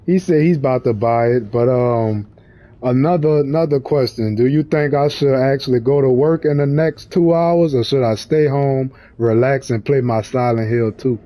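A man's voice: mid-range voice, normal speed, dark tone. A young man chatting casually with an AI assistant, loose and full of street slang. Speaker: vlogger talking to an AI assistant.

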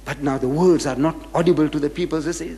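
A man's voice: on the high side, fairly even intonation, fast, warm tone. A man giving a religious lecture, reading scripture verses aloud and explaining them with rhetorical questions. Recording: echoey hall with long reverb.

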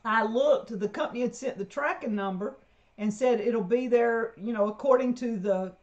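A woman's voice: a little high, moderate pace, a little mellow. A woman telling stories on a homestead livestream in a chatty way, laughing often. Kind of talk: casual live chat. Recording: dull lo-fi livestream audio.

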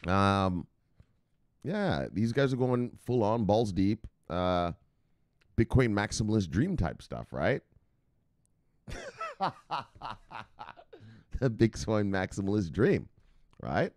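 Brash, profane man with a lively pitch. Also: slow, long pauses, no echo, studio quality. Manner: profane, brash, chuckling to himself; talks straight to viewers, asking for agreement. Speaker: host of a crypto news channel. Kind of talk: casual solo video commentary.

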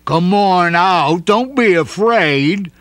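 A man voicing a friendly, encouraging male dog in a children's storybook, speaking slowly and kindly. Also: sits high, expressive, a bit bright, dry recording, pitched above the performer's own voice, exaggerated voice. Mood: coaxing. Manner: kind, coaxing, slow and emphatic. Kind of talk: storybook character voice.

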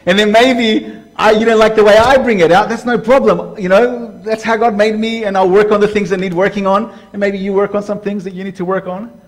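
Male preacher, tenor-ish, chatty sermon style with sudden loud and soft turns. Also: sits high, fairly even intonation, a little fast. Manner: conversational, asks the congregation direct questions; voice swings from hushed to loud. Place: church hall before a live congregation.

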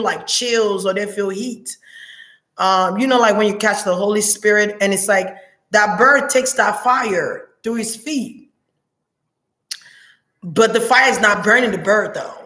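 A woman giving an intuitive reading, musing aloud in a halting way and often pausing to search for words. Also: medium pitch, bright, forceful tone, reverberant. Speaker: psychic reader.

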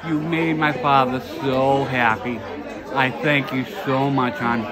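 A man's voice: mid-range voice, steady tone, takes it slowly. A man giving an effusive, grateful birthday message to his stepmother. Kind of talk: birthday tribute. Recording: loud crowd chatter.

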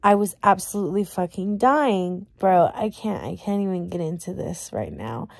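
A woman's voice: on the low side, lively intonation, moderate pace, vocal fry. Young woman, pained and weary, casual vlog talk, candid, curses, lots of "like". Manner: candid, swearing, heavy use of "like". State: in pain, weary. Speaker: vlogger.

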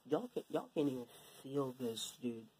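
A man's voice: mid-range voice, normal speed, slight background noise, poor audio. Young man rambling through an unboxing. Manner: excited, rambling, slangy. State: shaky voice from the cold. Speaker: tech unboxing vlogger. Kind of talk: casual unboxing vlog. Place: his cold bedroom.

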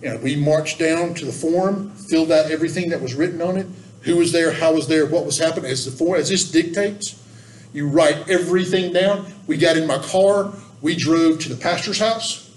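Earnest, folksy man leading a training, voice slightly high, mic set far off with faint background noise. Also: normal speed, echoey room. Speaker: church volunteer trainer. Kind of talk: training talk with anecdotes. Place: church room.

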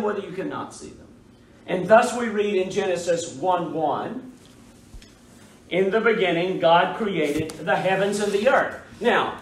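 Measured East Texas pastor, echoey church. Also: male voice, fairly high pitch, slight background noise. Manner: measured, emphatic, repeats key phrases. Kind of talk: Bible study teaching. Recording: echoey room, mic far off.

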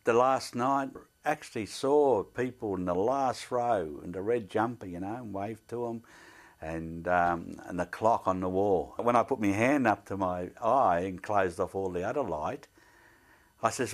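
Older man, deep voice, earnest plain-spoken storyteller of faith. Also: unhurried. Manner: devout, speaks earnestly of faith. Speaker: interviewee. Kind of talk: telling a personal story.

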